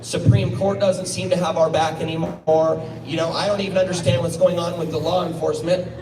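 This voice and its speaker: A man's voice: a little high, flat delivery, fairly quick, noisy background. A man giving a blunt, combative outdoor rally speech. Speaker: rally speaker. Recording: echoey, from far off, crowd behind.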